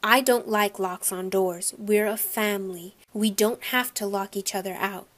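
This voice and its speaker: A woman voicing a patient mother who speaks softly and gently to her son. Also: medium pitch, fairly even intonation, measured pace, close to an everyday voice. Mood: gentle.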